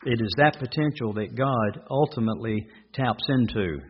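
A man's voice: mid-range voice, moderate pace, lo-fi sound, slight background noise. A man preaching a sermon, asking rhetorical questions and repeating his points for emphasis.

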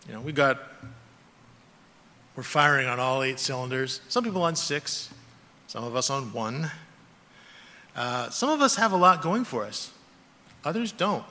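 A man's voice: medium pitch, lively intonation, unhurried, long pauses, pushed and bright. A man preaching a sermon as a pastor, earnest and emphatic, with rising and falling stress. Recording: long reverb of a large hall.

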